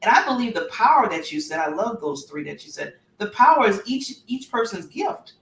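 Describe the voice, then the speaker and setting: A woman's voice: medium pitch, big pitch swings, a little fast, a bit bright, distant mic. A woman co-host affirms her guest, listing her points one by one. She sits away from the mic, and the room echoes around her. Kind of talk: casual conversation. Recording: roomy sound, away from the mic.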